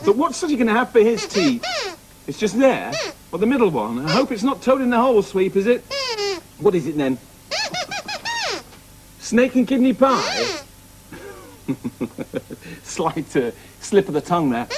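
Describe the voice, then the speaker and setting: A man's voice: sits high, big pitch swings, normal speed, long pauses. Giggly theatrical male host. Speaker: puppet show host. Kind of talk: children's TV presenting.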